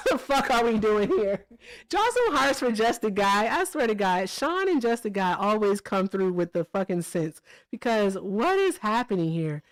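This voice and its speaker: A woman's voice: medium pitch, very animated, normal speed, hardly any pauses. A woman hosting a live stream in a casual, emphatic way. She is blunt and swears, and she keeps checking in with "all right?" and "okay?". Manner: blunt and profane. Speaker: livestream host. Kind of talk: casual livestream chat and commentary.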